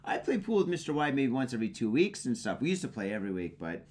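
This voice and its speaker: A man's voice: medium pitch, sing-song, fast talker, darkish tone. A man co-hosting a casual podcast while drinking, tipsy and joking, with loose, profane banter and frequent chuckles. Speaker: podcast co-host.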